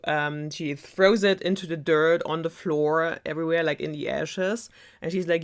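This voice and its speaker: A woman's voice: deep voice, steady tone, moderate pace. Woman, young adult, German accent, casual storytelling, rambling fillers. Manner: rambling, filler-heavy, lots of "like" and "um". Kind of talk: casual sarcastic story retelling.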